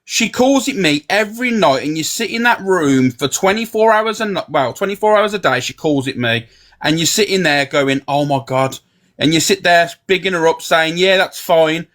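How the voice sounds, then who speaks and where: A man's voice: high-pitched, expressive, moderate pace, a bit bright. A man, scornfully dismissing others and mocking their reactions in a live-stream argument.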